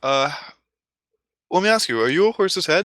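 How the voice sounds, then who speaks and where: A man's voice: a little high, animated, moderate pace, fairly bright tone, dry recording, pitched above the performer's own voice. A man voicing a theatrical male circus clown who speaks with formal, mock-courteous politeness. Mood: teasing, mock-polite.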